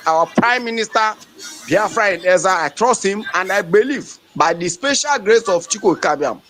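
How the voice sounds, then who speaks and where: Male activist speaker, high-pitched, fiery and repetitive, phone mic over background music. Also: low-quality recording. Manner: fiery, defiant, repetitive, at times shouting. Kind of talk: impassioned live-audio rant.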